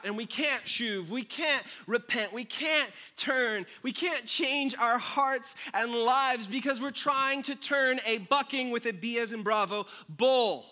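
Pastor guy giving a sermon, high bright voice, jokey then quiet and serious. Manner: humorous, shifts between loud jokes and quiet earnest passages.

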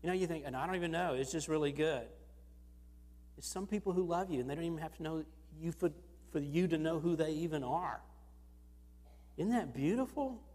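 Pastor, male, slightly high voice, earnest sermon delivery, long church hall reverb. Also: a little fast, pauses often. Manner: earnest, storytelling with lively rises. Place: church sanctuary.

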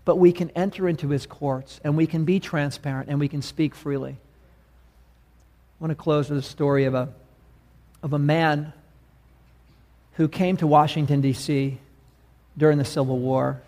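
Male preacher, casual and emphatic, slightly high voice, keeps asking his listeners questions. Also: fairly even intonation, measured pace, long pauses, darkish tone. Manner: conversational and emphatic, asks the congregation questions. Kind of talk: sermon.

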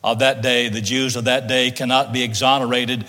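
A man's voice: mid-range voice, little pitch movement, normal speed, sharp tone. A man preaching a sermon, reading scripture aloud and stressing key words with rising emphasis. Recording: long reverb of a large hall.

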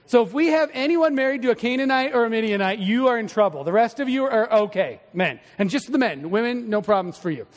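Middle-aged pastor guy, pretty high voice, chatty sermon with jokes on himself, big church echo. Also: lively intonation, brisk, hardly any pauses. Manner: conversational storytelling preacher, self-deprecating humor. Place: church sanctuary.

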